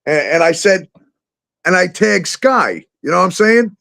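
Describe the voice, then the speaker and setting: A man hosting a casual talk show, animated and profane, laughing often and acting out exchanges as he tells stories. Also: high voice, moderate pace, creaky. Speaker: show host. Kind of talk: casual podcast chat.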